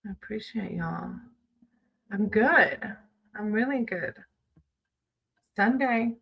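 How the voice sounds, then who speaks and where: A woman's voice: medium pitch, animated, slow pace, gravelly, slightly rough, lo-fi sound. A woman chatting casually with viewers on a livestream, greeting them by name and reading tarot cards.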